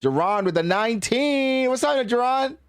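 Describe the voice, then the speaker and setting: A man's voice: very high voice, animated, moderate pace, smooth, no echo, clean studio sound. A man streaming a casual reaction, reading chat aloud and ranting in slangy, exasperated bursts.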